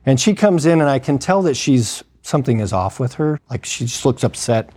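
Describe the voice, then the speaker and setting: Man, medium-pitched voice, casual storytelling, acts out quoted dialogue, lots of fillers. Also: lively intonation, a little fast, darkish tone, slightly rough. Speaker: emergency medicine clinician telling a story.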